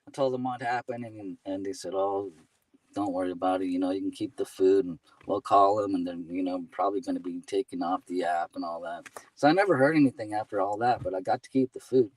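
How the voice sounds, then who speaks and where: A man's voice: low voice, a little fast, a little mellow, no echo, recorded from a distance, poor audio. A man chatting as a guest, telling casual stories and laughing often, with "you know" and "man" between his phrases. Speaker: guest, delivery driver. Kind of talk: casual storytelling.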